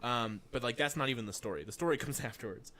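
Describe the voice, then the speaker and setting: A man's voice: medium pitch, fast talker, sharp tone. A man co-hosting a podcast, casually telling stories and acting out what people said. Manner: laid-back storytelling, acts out quotes in a raised voice. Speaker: podcast co-host. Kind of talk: casual chat.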